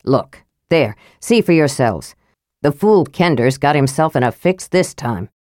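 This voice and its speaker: A woman doing a gruff grim old dwarf warrior. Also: rumbling low, lively intonation, a little slow, a little mellow, no echo, studio quality, voice pushed down. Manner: gruff, grumbling.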